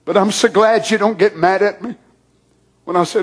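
A man preaching a sermon, praying aloud in hushed, near-whispered passages that build to loud, shouted fervor. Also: high-pitched, moderate pace, long pauses.

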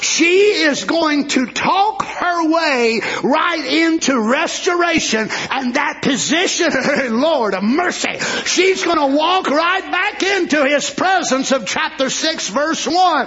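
A man preaching a sermon with fervor, climbing into shouted, rhythmic declarations and acting out voices of people in the story. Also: lively intonation, slow, hardly any pauses, dull audio. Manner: high, bright preaching voice, rising to shouted fervor.

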